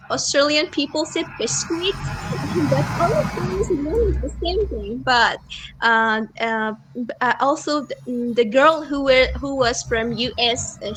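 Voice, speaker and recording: A woman's voice: a little high, fairly bright tone, low-quality recording. A woman student answering her teacher in an online English class, carefully searching for words. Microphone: computer mic on video call.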